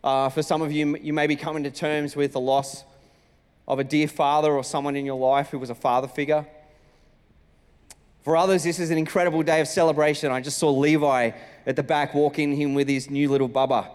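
A male Australian pastor gives a sermon in a relaxed, storytelling way, slipping into little voices for the greetings he quotes. His voice sits somewhat high and rings out with long reverb in a large church hall. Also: brisk, smooth. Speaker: senior pastor. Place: church auditorium.

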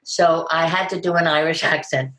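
An older actress tells stories in a casual interview, bursting into acted-out quotes along the way. Her voice sits a little low. The room is noticeably echoey around her. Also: normal speed. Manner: animated storyteller, acts out quotes with big pitch jumps.

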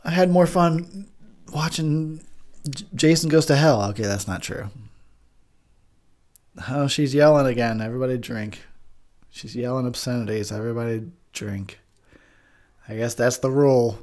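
A man's voice: mid-range voice, moderate pace, pauses often, darkish tone. A tipsy man giving drunken movie commentary, ranting with lots of swearing and laughter. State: tipsy from drinking.

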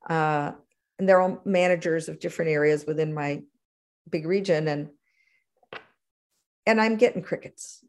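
A middle-aged woman, a guest in an interview, telling stories from her career in an animated conversational way. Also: moderate pace, long pauses. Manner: animated, acts out quotes with big pitch jumps. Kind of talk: conversational storytelling.

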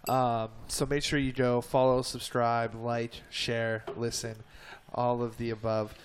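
Brisk male co-host signing off. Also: medium pitch, level tone, slight background noise. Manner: brisk listing with "uh" and "um" fillers. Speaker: podcast co-host. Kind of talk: show sign-off.

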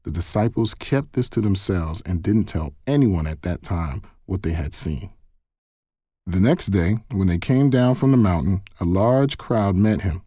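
A man reading a Bible passage aloud in a measured, even way. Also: deep voice, breathy edge, dry recording, clean studio sound. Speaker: Bible reader. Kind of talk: scripted scripture reading.

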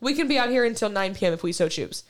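A woman's voice: a little high, animated, very fast. A young woman on a podcast telling a long story in casual chat, rambling and profane, with constant "like". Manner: rambling, heavy use of "like", profane. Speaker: podcast co-host.

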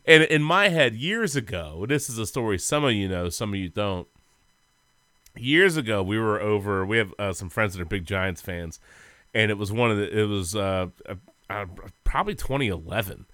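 A man's voice: mid-range voice, lively intonation, moderate pace, pushed and bright, clear, resonant tone, no echo, clean studio sound. A man co-hosting a sports podcast, telling rambling, goofy stories in casual chat and laughing often. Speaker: podcast co-host.

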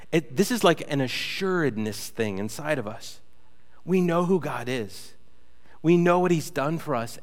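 A man preaching a casual sermon with a slightly high voice and an animated storytelling manner. He drops in playful asides to the congregation, and his voice carries a long reverb from a church hall. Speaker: pastor. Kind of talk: conversational sermon.

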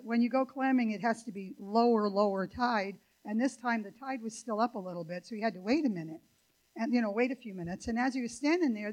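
With a fairly high, slightly mellow voice, an older guest preacher speaks in a church sanctuary. Her sermon wanders chattily through many fillers and asides, captured on poor audio.

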